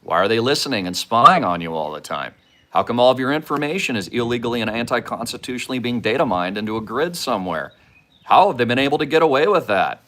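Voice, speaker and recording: Emphatic male host ranting to viewers. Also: a bit bright. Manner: emphatic, swings from low mutters to high outbursts; conspiratorial, addresses viewers directly. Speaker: show host. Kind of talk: monologue to camera.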